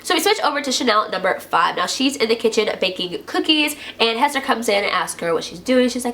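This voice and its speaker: Chatty bright-voiced woman recapping a show. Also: a little high, a little fast, hardly any pauses, slight background noise. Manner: chatty, heavy use of "like", acts out quotes in lively voices. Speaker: YouTuber recapping a TV episode. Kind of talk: casual TV recap.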